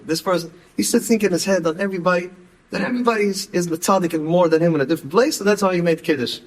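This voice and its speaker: A man's voice: high-pitched, racing, rough recording. A man, telling stories in a talk and repeating words for emphasis. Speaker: speaker. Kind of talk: storytelling talk.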